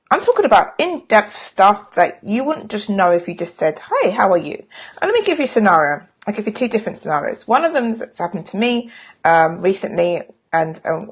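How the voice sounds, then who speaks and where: Husky, chatty woman sales coach. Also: fairly low pitch. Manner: chatty and frank, with self-mocking jokes. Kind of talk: casual live stream talk.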